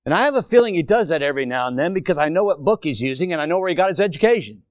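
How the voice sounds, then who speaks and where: Lively, playful preacher man, dry sound. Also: fairly high pitch, rapid-fire, no room sound. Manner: animated, playful, talks straight to the congregation. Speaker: pastor. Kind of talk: lively sermon. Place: church auditorium.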